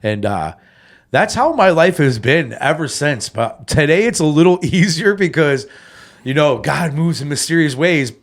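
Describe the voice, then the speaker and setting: A man co-hosting a casual sobriety podcast, telling a personal story in an animated way and dropping fillers like man and bro. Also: a little high, moderate pace. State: tearful when reliving the moment. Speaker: podcast co-host.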